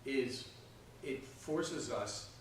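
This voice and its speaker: A man teaches a Sunday school Bible lesson in a plain, mid-pitched voice. He talks conversationally and keeps asking "okay?" and "right?". The mic is far from him, so his voice comes across in an echoey church classroom. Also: animated, drawn-out words, a little hiss or hum. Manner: checks in often with "okay?" and "right?".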